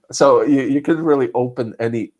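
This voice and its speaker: A man's voice: mid-range voice, vocal fry, a little mellow. A man from Serbia, chatting casually on a live stream, joking and laughing often between lines.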